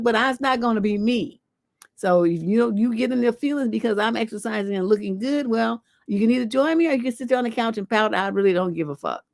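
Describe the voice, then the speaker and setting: A woman's voice: on the high side, fast talker, creaky, darkish tone, dry recording, studio quality. A woman hosting a livestream advice show as a relationship coach, giving blunt, profane, scolding advice.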